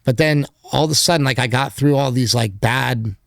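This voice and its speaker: Gravelly-voiced man rambling candidly. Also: mid-range voice, moderate pace, dry recording, clean studio sound. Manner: candid, rambling, heavy use of filler words. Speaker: podcast guest, documentary filmmaker. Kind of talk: casual interview conversation.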